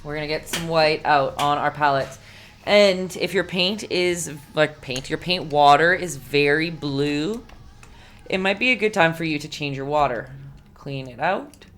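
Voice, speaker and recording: Low-voiced chatty woman teaching painting. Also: measured pace, fairly bright tone. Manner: chatty and encouraging, hums while working. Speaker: painting instructor. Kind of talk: live-streamed painting lesson.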